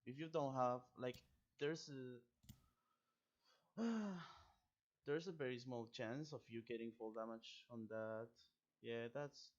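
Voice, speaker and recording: Relaxed man chatting on stream. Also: mid-range voice, slow pace, long pauses, muffled recording. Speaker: speedrunner. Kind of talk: casual live-stream chat.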